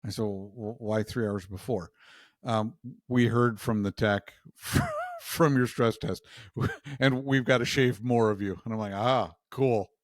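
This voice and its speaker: A man with a lively, bouncing voice trades self-mocking jokes in a casual chat. The sound is dry and close, with no room echo. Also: medium pitch, a little slow. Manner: wry, self-mocking humor, laughs often. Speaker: podcast co-host.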